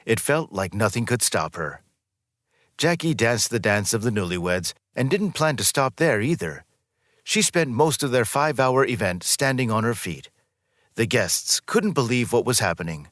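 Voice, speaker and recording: A low-voiced man narrates a scripted story, his pitch lively as it rises and falls. His reading is smooth and even, recorded close to the mic with a dry sound and no room echo.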